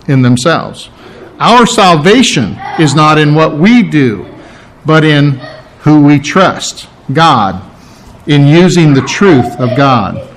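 A man preaching a sermon, animated and playing out quoted voices as he teaches. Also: on the high side, low-quality recording. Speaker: pastor.

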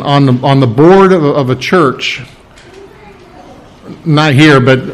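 A middle-aged male pastor who prays and then preaches to his church, often stopping to repeat words. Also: medium pitch. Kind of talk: sermon with opening prayer.

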